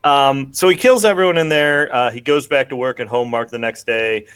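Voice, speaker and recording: A man's voice: mid-range voice, fairly bright tone, clean tone, no room sound. A man hosting a podcast who recaps a film in casual, rambling chat full of "like". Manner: rambling, heavy on "like", quick bursts. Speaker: podcast host.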